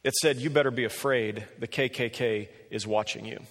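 A man preaching a sermon and telling a story with animated delivery, often rising in pitch when he quotes people. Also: normal speed. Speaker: pastor. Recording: long reverb of a large hall.

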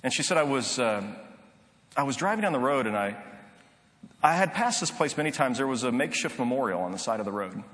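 A man's voice: medium pitch, animated, a little fast, a bit bright. A middle-aged man preaching a sermon, telling a story in an earnest, conversational way with frequent restarts. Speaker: pastor. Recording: long reverb of a large hall.

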